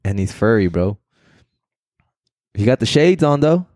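A man's voice: on the low side, measured pace, dry recording, studio quality. A man co-hosting a podcast, joking around casually and calling his friend bro. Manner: relaxed joking banter, calls people bro. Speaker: podcast co-host. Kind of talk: casual chat.

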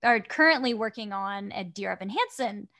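A woman voice actor chatting casually as a podcast guest, sassy and quick to laugh. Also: medium pitch, expressive, bright, forceful tone. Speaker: voice actress guest.

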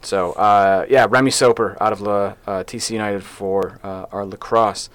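A lower-voiced man co-hosts a sports podcast, chatting casually and wandering off on playful tangents. His voice is close and dry, recorded at a studio mic. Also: fairly even intonation, moderate pace, clean tone, dry recording. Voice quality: chatty, rambling, playful about names. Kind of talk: casual chat.

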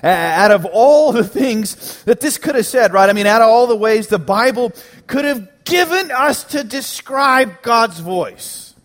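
Pastor, man, higher voice, preaching with lively humor and punchy repeats. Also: a little slow. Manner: animated, joking preacher with emphatic repetitions. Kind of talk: sermon. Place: church sanctuary.

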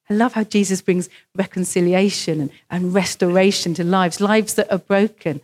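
A woman's voice: mid-range voice, steady tone, moderate pace, few pauses, a little mellow. A woman preaching a sermon in church, telling stories and acting out the voices of the people in them. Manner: storytelling, acts out quoted voices.

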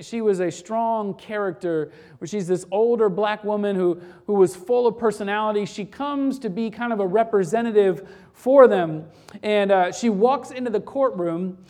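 A preacher delivering a sermon, building to intense repeated lines and dropping to quiet, with frequent restarts. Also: mid-range voice. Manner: swings from rising intensity to quiet, repetitive cadences.

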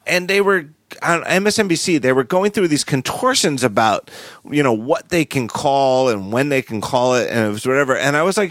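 A man with a slightly raised voice hosts a podcast in casual chat, laughing often and circling back on his points for emphasis. His pitch moves a great deal, and the recording is close and dry with no room sound. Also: a bit bright, dry recording. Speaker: podcast host.

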